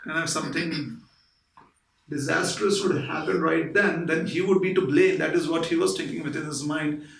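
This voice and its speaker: Animated man telling a spiritual story. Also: fairly high pitch, moderate pace, creaky, a little hiss or hum. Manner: animated storyteller, conversational asides. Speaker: lecturer. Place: room at a private home. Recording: echoey room, mic at a distance.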